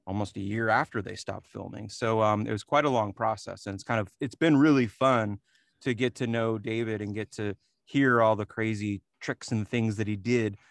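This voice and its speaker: Man in a relaxed interview, lowish and dry, laughs easily. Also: moderate pace, vocal fry, no room sound. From New Jersey. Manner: relaxed, chuckles often, many fillers and restarts. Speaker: re-recording mixer, interview guest. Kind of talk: casual interview talk.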